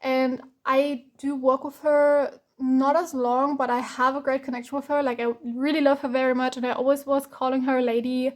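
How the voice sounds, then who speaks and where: High-pitched woman w/ doing a tarot reading, chatty, keeps restarting her sentences. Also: flat delivery, moderate pace, hardly any pauses. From Germany. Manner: chatty and rambling, many fillers and restarts. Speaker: tarot reader. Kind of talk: rambling tarot reading to camera.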